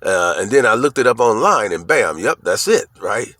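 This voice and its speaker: A man talking casually to the camera, telling a story in an animated way, swearing often and checking in with "right?" after his lines. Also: on the low side, normal speed, dry recording. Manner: animated, profane, repeats "right?" and "you know what I'm saying?". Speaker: vlogger.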